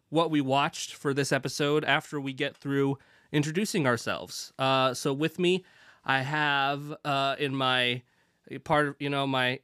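A man's voice: mid-range voice, bright, forceful tone, clear, resonant tone, dry recording, clean studio sound. A man with a Pacific Northwest American accent hosting a casual podcast chat, rambling and self-deprecating, with lots of fillers. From born in Britain, raised in the Pacific Northwest. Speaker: podcast host.

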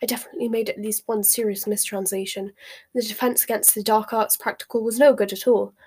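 A woman voicing an anxious, bookish teenage girl whose voice goes squeaky and shrill. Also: steady tone, brisk, darkish tone, husky, close to an everyday voice. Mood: fretful. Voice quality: squeaky, shrill when panicked.

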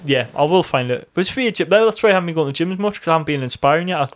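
A man's voice: fairly high pitch, expressive, rapid-fire. A man with a North East English accent, co-hosting a podcast in casual banter, swearing freely and joking around. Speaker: podcast co-host.

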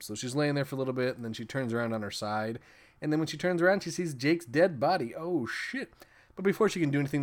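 A man hosting a casual film podcast talks quickly at a mid pitch. He rambles through scene recaps with profanity and bursts of laughter. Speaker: podcast host reviewing films.

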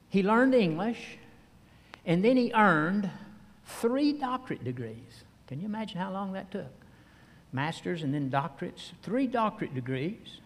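Older man, preacher, folksy sermon, fillers and pauses, reverberant church hall. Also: a little high.

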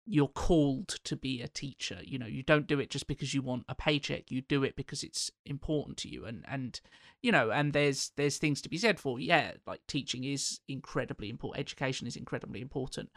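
A man's voice: mid-range voice, fairly quick, hardly any pauses, dry recording, studio quality. A man co-hosting a casual film discussion, talking in a rambling, thinking-aloud way. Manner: rambling, many fillers and restarts.

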